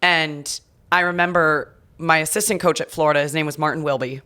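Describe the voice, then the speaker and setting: A woman in her thirties, a podcast guest, telling stories in a candid, animated way with many likes and restarts. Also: low voice, fairly quick. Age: 30s. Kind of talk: casual conversational storytelling.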